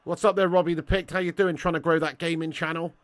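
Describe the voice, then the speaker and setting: A man's voice: a little high, steady tone, quick pace, dry recording. A young man hosting a casual live watch-along, reading chat and bantering with viewers as lad and mate.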